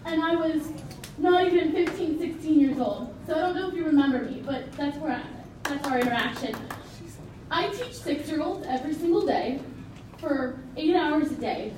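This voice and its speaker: A woman's voice: sits high, moderate pace, darkish tone. A young woman in her twenties, a teacher, giving an emotional, impassioned public comment at a council meeting. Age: 20s. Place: large meeting hall with a crowd. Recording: echoey hall, distant, crowd noise.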